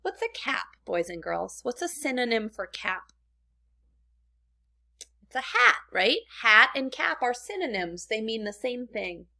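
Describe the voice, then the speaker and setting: A woman's voice: a little high, big pitch swings, a little slow, vocal fry, pushed and bright. A woman teacher reading a storybook lesson aloud to children, stopping to ask the class questions. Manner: friendly, asks the class questions.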